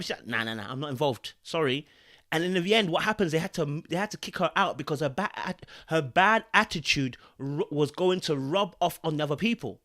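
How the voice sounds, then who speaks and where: A man's voice: fairly high pitch, fairly bright tone. A man hosting a podcast, giving his opinions in a preachy, emphatic way, mixing in slang and checking in with the listener often. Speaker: podcast host.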